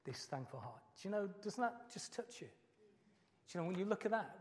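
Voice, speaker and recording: A man's voice: sits high, big pitch swings, normal speed. Earnest preacher man in a reverberant hall. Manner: earnest, emotional preaching with repeated phrases. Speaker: pastor. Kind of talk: sermon.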